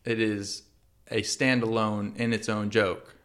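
A man's voice: fairly low pitch, little pitch movement, measured pace, a bit bright. A man co-hosting a casual podcast chat, arguing his point, swearing and laughing at himself.

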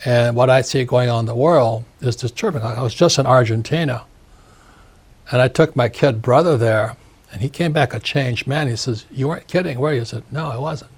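An older man in his seventies, a husky-voiced author giving an interview, ranting emphatically and repeating phrases. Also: mid-range voice, normal speed. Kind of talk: opinionated interview talk.

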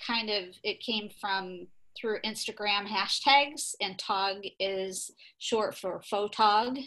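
A woman from Saint Louis chats as a podcast guest, often halting with ums. Her voice is bright and crisp, and her pitch sits in the middle. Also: poor audio. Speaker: guest, pet photographer. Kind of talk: casual interview.

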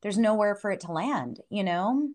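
A woman's voice: mid-range voice, animated, normal speed, darkish tone. A woman, a spiritual healer guest, chatting casually on a podcast, laughing often and using many fillers.

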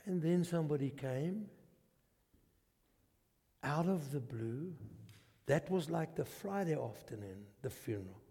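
Brief: South African male pastor, high voice, animated sermon storytelling, long church-hall reverb. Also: unhurried, vocal fry, pauses often, husky. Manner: animated storyteller, swings from hushed to shouting. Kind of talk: sermon testimony.

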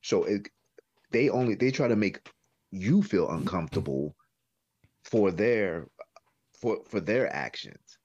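A man co-hosting a podcast, talking calmly in casual chat. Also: lowish voice, a little slow, long pauses, breathy edge, highs cut off. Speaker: podcast co-host.

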